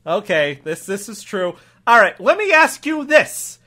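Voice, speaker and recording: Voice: medium pitch, big pitch swings, measured pace, pushed and bright, voice pushed up. A performer improvising a bumbling small-town cop with a put-on Texas drawl, rambling and stammering. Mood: blustering. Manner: rambling, stammering, repeating "all right". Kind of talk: improv comedy scene.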